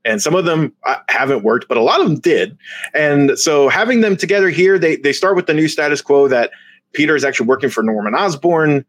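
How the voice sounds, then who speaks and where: A man co-hosting a casual comic book chat, animated and quick to mock outrage, laughing often. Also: on the high side, dry recording. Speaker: comic book podcast co-host.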